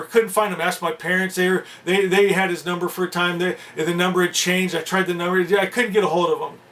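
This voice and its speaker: A man's voice: high voice, fairly bright tone, distant mic. A man hosting his channel, telling a heartfelt spiritual testimony in an effusive way and keeping on addressing the audience as his friends. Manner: effusive, keeps saying "my friends". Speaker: channel host.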